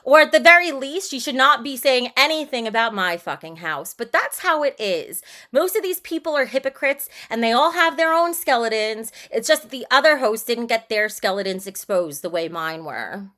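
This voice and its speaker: Bright-voiced woman chatting on a livestream. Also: on the high side, animated, normal speed, hardly any pauses. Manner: chatty and blunt, reads out and answers chat; breezy, frank and irreverent. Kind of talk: casual livestream chat.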